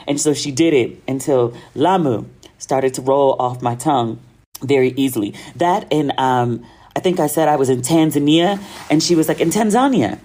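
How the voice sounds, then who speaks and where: An American woman hosts her own podcast, speaking with an extremely low, slightly mellow voice. In a casual solo monologue, she tells a travel story in a chatty way, full of slang and laughter.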